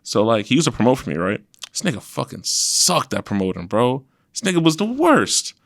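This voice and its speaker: A man's voice: medium pitch, fairly quick, no echo, studio quality. A young man from Queens with a New York accent, telling blunt, profane stories as a podcast guest and acting out what people said. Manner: blunt, profane storytelling with lively put-on quotes. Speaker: podcast guest, event promoter. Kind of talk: casual interview chat.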